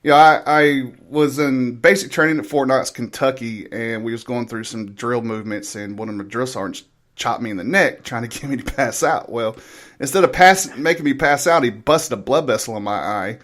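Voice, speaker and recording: A man's voice: mid-range voice, normal speed, a bit bright. Southern-drawl man, guest on a casual talk show, easygoing storyteller who chuckles through it. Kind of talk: casual chat.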